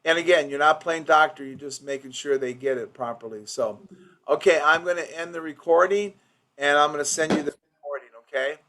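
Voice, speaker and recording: A man's voice: fairly high pitch, brisk, bright, forceful tone. A man coaching office staff in an informal training session. He rambles with restarts and acts out patient quotes.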